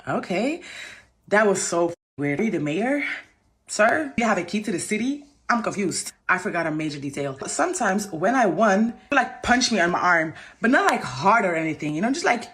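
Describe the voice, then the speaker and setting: A young woman from Belgium, casually recounting a bad date in an animated, sarcastic way, with big jumps in pitch when she reacts. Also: moderate pace. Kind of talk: casual storytime.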